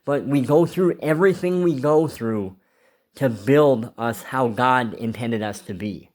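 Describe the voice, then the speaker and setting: A man's voice: medium pitch, measured pace, darkish tone. A man telling a rambling, emotional personal story in a casual confessional vlog, swearing freely. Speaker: vlogger.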